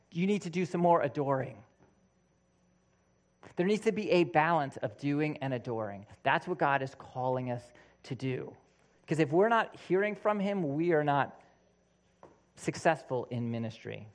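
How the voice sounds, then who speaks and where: Male preacher, casual animated sermon, slightly higher voice. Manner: conversational, animated, acts out quoted voices.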